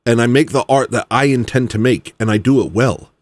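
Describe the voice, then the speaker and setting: A man, an independent musician, ranting heatedly, swinging from low grumbling to loud exclamations. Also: fairly quick, no room sound. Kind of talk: ranting monologue.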